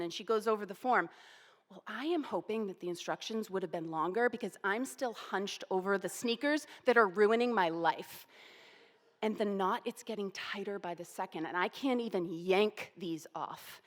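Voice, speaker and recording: A woman in her forties telling a personal story, animated and self-deprecating. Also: mid-range voice, moderate pace, big-room sound. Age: 40s.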